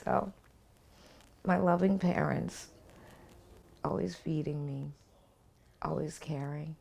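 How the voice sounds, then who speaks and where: Slow, gravelly-voiced woman telling her story. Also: deep voice, a little mellow. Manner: earnest, heartfelt storytelling, sing-song when quoting others. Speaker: documentary interviewee. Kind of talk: personal storytelling interview.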